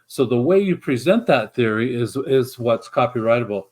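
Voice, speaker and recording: A man's voice: mid-range voice, animated, normal speed, darkish tone, breathy edge. A middle-aged man, a guest in an interview, telling his story in an earnest, reflective way with frequent restarts. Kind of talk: conversational storytelling.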